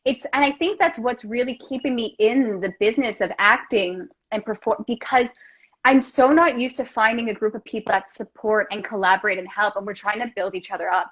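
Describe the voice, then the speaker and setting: A woman's voice: medium pitch, brisk, fairly bright tone. A woman actor speaking as a guest in a casual chat, earnest and reflective, often ending her thoughts with "right?". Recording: dull, lo-fi sound.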